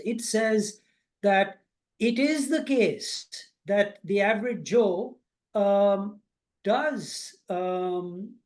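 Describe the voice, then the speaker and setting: Male student, halting and searching for words, pushing a question to the teacher. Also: sits high, a little mellow. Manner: hesitant, many fillers and restarts, pressing a question. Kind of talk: asking questions in class.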